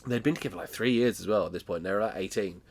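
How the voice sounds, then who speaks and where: Chatty British man with a lowish voice. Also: rapid-fire, husky. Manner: chatty storyteller who laughs often. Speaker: podcast co-host. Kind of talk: casual chat recapping a TV episode.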